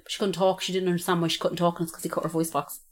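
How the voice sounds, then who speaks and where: A woman's voice: fairly low pitch, flat delivery, rapid-fire. A woman co-hosting a podcast, talking casually and bluntly, swearing freely and retelling what people said. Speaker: podcast co-host. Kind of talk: casual true-crime podcast chat.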